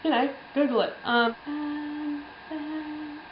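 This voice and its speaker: A woman's voice: high voice, fairly even intonation, slow pace, echoey room, lo-fi sound, slight background noise. Chatty young woman with lots of ums. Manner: rambling, chatty, frequent ums and laughs. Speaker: travel vlogger. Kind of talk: casual travel storytelling.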